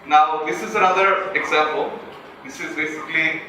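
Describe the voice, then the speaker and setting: A young Bangladeshi man, speaking English with a Bangladeshi accent, delivers an earnest, self-deprecating motivational talk as a student speaker and puts questions to the audience. His voice is fairly high and bright, with forceful delivery, fairly even intonation, and a moderate pace. The recording was made from a distance in an echoey hall.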